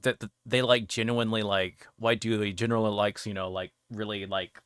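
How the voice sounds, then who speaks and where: A man's voice: lowish voice, level tone, a little fast, fairly bright tone, clear, resonant tone, dry recording, clean studio sound. A male guest in a casual chat, rambling with frequent restarts and fillers.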